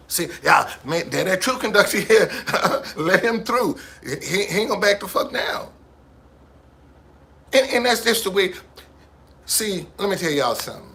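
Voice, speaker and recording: Profane, emphatic man with bright voice. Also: high voice, lively intonation, unhurried, gravelly, slightly rough. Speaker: street musician. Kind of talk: casual monologue.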